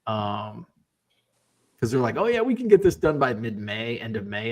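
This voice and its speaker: A man telling a story casually, acting out the quoted lines with lively shifts in his voice. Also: mid-range voice, normal speed. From Midwestern US. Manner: animated, acts out quoted voices. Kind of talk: casual storytelling on a live stream.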